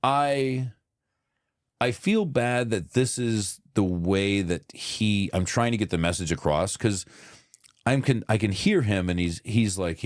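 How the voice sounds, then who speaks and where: A man with a low, deep voice, talking casually on a podcast and acting out what people said as he tells stories. He swears freely. The sound is dry and close, with no room echo. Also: unhurried. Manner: animated storyteller acting out quotes, swears freely. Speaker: podcast co-host. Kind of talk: casual chat.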